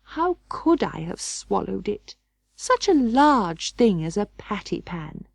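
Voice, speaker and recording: A woman's voice: very animated, slow pace, vocal fry, no echo, full character voice. A woman voicing a fretful female dog in a storybook reading, plaintive and worried, her voice climbing as the worry grows. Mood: dismayed. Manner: plaintive, rising anxious pitch.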